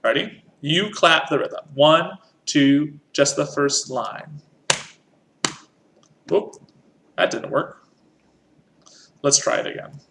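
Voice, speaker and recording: A man teaching an online music lesson in an unhurried, patient way. His voice is bright and a touch higher than most men's. Faint room noise sits behind him. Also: lively intonation, creaky. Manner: patient, counts in and sings along.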